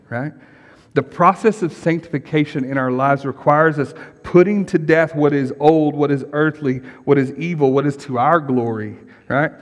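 A man's voice: a little high, normal speed, big-room sound. A middle-aged man, a pastor, preaching a sermon in a casual, conversational way and often checking in with the congregation. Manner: conversational, asks the congregation questions and repeats "right?".

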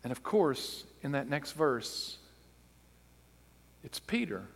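A man's voice: mid-range voice, big pitch swings, slow pace, slightly rough. Man preaching emphatically in a reverberant hall. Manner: emphatic, rising to loud intensity on key phrases. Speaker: pastor. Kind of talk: sermon.

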